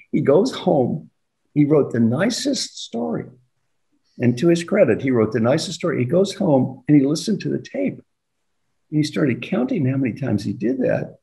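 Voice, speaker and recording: An older man coaching on leadership, telling anecdotes with a lively, swooping pitch. His voice is dark and mellow, and he acts out both sides of the conversations he recalls. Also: normal speed, vocal fry. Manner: animated, acts out dialogue with laughs. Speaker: executive coach. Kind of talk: storytelling leadership talk.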